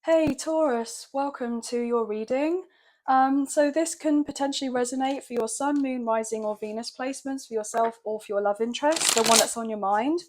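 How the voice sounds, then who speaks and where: A woman's voice: on the high side, normal speed, a little hiss or hum. A woman doing a tarot reading, chatty and emotional, often checking in with her viewers. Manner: gentle, chatty, emotional, often saying "okay, guys". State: a bit croaky. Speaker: tarot reader.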